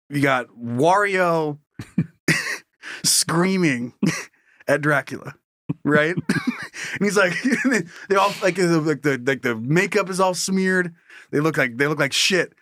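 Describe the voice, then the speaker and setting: A man's voice: on the high side, a bit bright, dry recording, clean studio sound. A man co-hosting a podcast in casual comedic chat, laughing often and slipping into silly voices. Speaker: podcast co-host.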